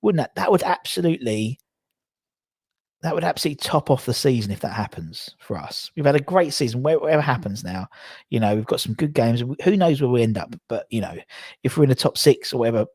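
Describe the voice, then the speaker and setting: A man's voice: medium pitch, expressive, fairly quick, darkish tone, husky, no room sound. A man, chatting casually on a livestream, rambling and self-correcting as he reads out viewer comments. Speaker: livestream host.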